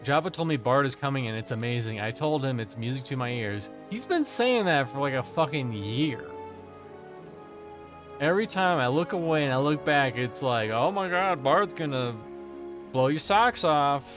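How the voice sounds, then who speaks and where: A man's voice: medium pitch, lively intonation, normal speed, music in the background. A man streaming a video game, chatting casually and rambling with jokes and swearing. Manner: joking, profane, rambling. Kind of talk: casual gameplay commentary.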